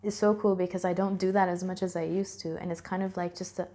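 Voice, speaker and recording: A woman's voice: lowish voice, level tone, quick pace, mellow. A young adult woman talking casually to camera in a vlog, candid and rambling, correcting herself and laughing often. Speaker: vlogger. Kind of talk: casual reflective talk to camera.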